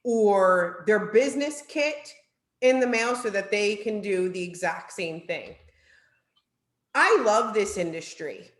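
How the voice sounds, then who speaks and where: A woman's voice: medium pitch, animated, slow, reverberant. A woman with a New Jersey accent giving an upbeat, chatty sales training talk, often tagging her points with "right?".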